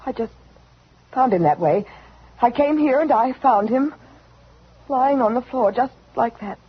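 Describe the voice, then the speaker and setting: An actress playing a frightened heroine in a 1940s radio drama, breathy, anxious and pleading. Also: female voice, a little high, expressive, unhurried. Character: frightened woman heroine in panic. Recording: dull lo-fi vintage radio recording.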